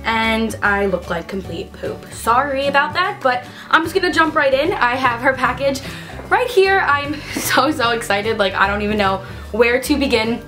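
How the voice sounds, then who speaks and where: A woman's voice: on the high side, expressive, normal speed, bright, forceful tone, faint music behind. A young woman vlogging casually at home, bubbly and gushing, squealing with delight as she talks. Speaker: beauty vlogger. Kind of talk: casual unboxing vlog.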